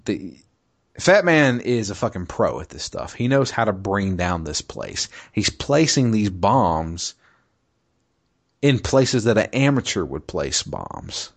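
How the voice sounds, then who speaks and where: A man's voice: fairly low pitch, wildly swooping pitch, slow, vocal fry. A man co-hosting a podcast, casually retelling a video game's story, rambling, swearing freely and laughing often. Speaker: podcast co-host recapping a game.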